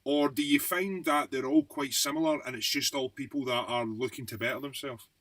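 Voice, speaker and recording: Scottish male podcast co-host, bright tone, dry close mic, relaxed chatty delivery. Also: medium pitch, a little fast, no echo. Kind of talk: conversational interviewing.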